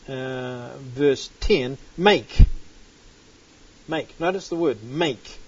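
A man's voice: medium pitch, a little mellow, husky. A man teaching a Bible study sermon, reading scripture aloud and breaking into sudden emphatic bursts. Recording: dull lo-fi recording.

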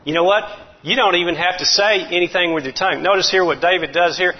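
A man delivers a folksy sermon with animated, chuckling energy. His voice sits a little high, and the recording is dull and lo-fi. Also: fast talker. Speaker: preacher. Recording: muffled lo-fi recording.

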